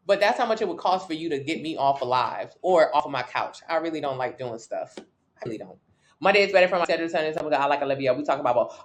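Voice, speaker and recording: A woman from Miami with a Southern US accent, a fitness coach chatting candidly and with swearing on a casual live stream. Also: on the low side. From Miami, Florida. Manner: candid, profane, gossipy and chatty.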